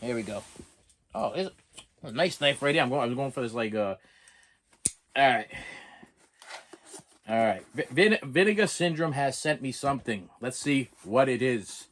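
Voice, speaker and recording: A man's voice: mid-range voice, lively intonation, normal speed, pauses often, fairly bright tone, a little hiss or hum. A middle-aged man ranting in a comedic vlog, exasperated and stumbling over restarts. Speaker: vlogger. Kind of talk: comedic rant and unboxing vlog.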